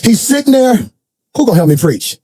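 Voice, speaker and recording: A man preaching from the pulpit in a very high, mellow voice. He shouts and sings his lines in bursts, then drops into loose, colloquial storytelling with asides to the congregation. The sound is close and dry. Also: big pitch swings, fairly quick, no echo. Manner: preaching in bursts of shouting and sing-song cadence. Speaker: pastor. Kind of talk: sermon. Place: church.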